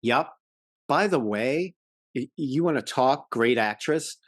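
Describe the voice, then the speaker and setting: A man's voice: medium pitch, slow, no echo, studio quality. Enthusiastic man co-hosting a podcast. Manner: animated, enthusiastic storyteller. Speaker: podcast co-host. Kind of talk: casual classic-TV chat.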